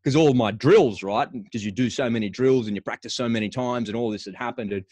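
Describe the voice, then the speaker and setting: A man's voice: medium pitch, fairly quick, a little mellow, no echo. Middle-aged male podcast guest, mid-range voice, candid conversational storyteller, dry studio. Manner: frank, conversational, restarts phrases often. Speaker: podcast guest, former paratrooper.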